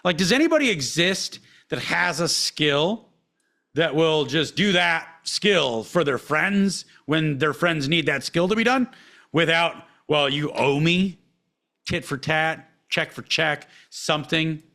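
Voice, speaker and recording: A man hosting a podcast, delivering a profane, heated rant. He swears constantly and swings between low mutters and loud outbursts. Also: expressive, measured pace, gravelly. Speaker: podcast host. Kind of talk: profane ranting monologue.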